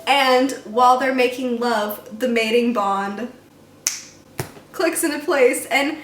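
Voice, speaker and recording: A woman giving a casual, rambling book review rant, excitedly retelling scenes with lots of "like". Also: on the high side, slow pace, soft background music. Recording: echoey room.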